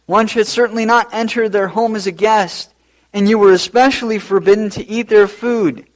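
A man preaching a sermon as pastor, animated and rising to loud emphasis. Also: high-pitched, moderate pace.

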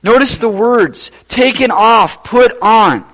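A man preaching a sermon as pastor, rising to loud emphatic peaks and then dropping low and quiet. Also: animated, slow pace, low-quality recording.

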